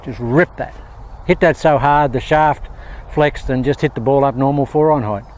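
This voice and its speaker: This Australian golf coach has a medium-pitched, slightly mellow voice and talks at normal speed. Out on a windy range, he keeps the instruction casual and upbeat, hitting shots and chatting away to viewers he keeps addressing as "guys."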